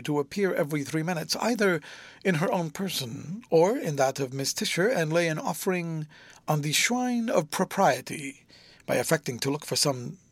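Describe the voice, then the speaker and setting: A man narrating a classic novel in an expressive storytelling manner. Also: a little high, no echo. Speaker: audiobook narrator.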